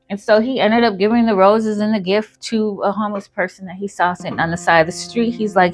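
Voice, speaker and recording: A woman's voice: mid-range voice, fairly quick, faint music behind. A woman casually telling a story, rambling with lots of fillers. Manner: rambling, filler-heavy retelling.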